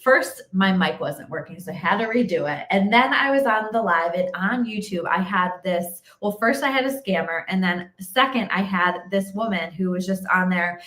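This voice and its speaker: A woman's voice: mid-range voice, normal speed, hardly any pauses, a bit bright. A woman co-hosting a casual spiritual livestream chat, talking earnestly about pushing through setbacks. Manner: earnest, self-described stubborn, giving life advice. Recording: echoey room.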